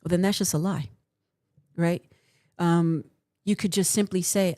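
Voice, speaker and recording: Woman host giving advice to chat, earnest and encouraging, dry close sound, lowish voice. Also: steady tone, normal speed, long pauses, mellow, dry recording. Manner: earnest, encouraging, often asks "right?". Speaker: livestream host and counselor. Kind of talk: casual advice talk answering chat.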